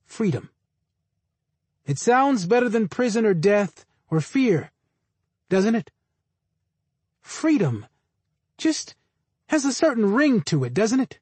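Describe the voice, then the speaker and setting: A man voicing a smooth defense lawyer addressing a jury, persuasive and insinuating. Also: high-pitched, big pitch swings, slow pace, pauses often, darkish tone, dry recording, pitched above the performer's own voice, exaggerated voice.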